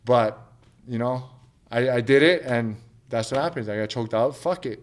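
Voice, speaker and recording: A mixed martial arts fighter in his thirties talks through his story in a loose, rambling way, full of swearing and restarts. He acts out what people said to him. His voice sits at an ordinary middle pitch. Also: normal speed. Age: 30s. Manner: profane, rambling, acts out quotes of others. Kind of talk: casual interview storytelling.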